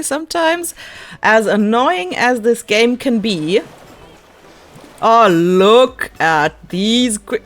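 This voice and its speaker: A woman's voice: mid-range voice, a bit bright. A woman giving casual commentary while playing a park-building game, thinking aloud, giggling and answering her own questions. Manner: giggly and easily delighted. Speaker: gaming YouTuber.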